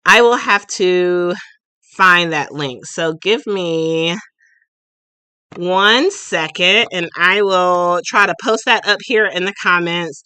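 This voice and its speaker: A woman's voice: on the low side, takes it slowly, sharp tone, clean tone, no echo. A woman in her late thirties hosting a casual live stream, chatty and goofy, laughing often as she talks to viewers. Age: late 30s. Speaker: livestream host and shop owner.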